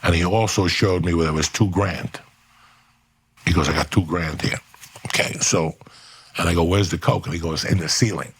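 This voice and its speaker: A man telling a profane, animated story as a podcast guest, acting out what other people said. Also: low-pitched, moderate pace, pauses often, slightly rough. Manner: animated, swearing, acts out other people's lines.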